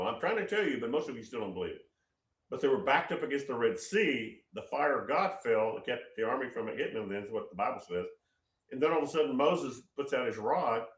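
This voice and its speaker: A man's voice: mid-range voice, a bit bright, distant mic. A man giving informal prophetic teaching, rambling and storytelling, often repeating his words. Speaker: prophetic speaker. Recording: roomy, off-mic.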